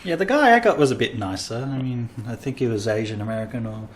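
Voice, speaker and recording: A man's voice: medium pitch, lively intonation, quick pace, slight background noise. An Australian man, a comedian hosting a casual podcast, rambling through travel stories and acting out quoted lines.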